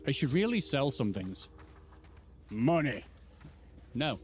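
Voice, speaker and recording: A man's voice: medium pitch, big pitch swings, slow pace, darkish tone, faint music behind. A man in his thirties doing live gameplay commentary, bantering playfully and teasing his chat. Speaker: streamer.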